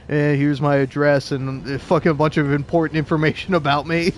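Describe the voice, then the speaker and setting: A man's voice: fairly high pitch, flat delivery, fairly quick, slight background noise. A young adult man ranting casually while gaming, profane and rambling, laughing often and restarting his sentences. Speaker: gaming video creator. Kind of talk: casual rant while playing a game.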